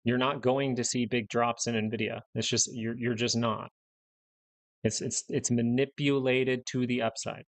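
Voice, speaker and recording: A man's voice: medium pitch, little pitch movement, unhurried. Blunt ranting man hosting a market stream. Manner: blunt, ranting, repeats himself for emphasis. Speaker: stock market livestream host. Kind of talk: live market commentary.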